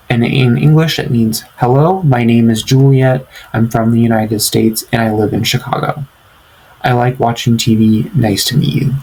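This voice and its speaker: A man's voice: medium pitch, fairly even intonation, moderate pace, a little mellow, slightly rough, poor audio. A man teaching beginners in a language tutorial, speaking patiently and repeating each phrase for learners to follow. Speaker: French teacher.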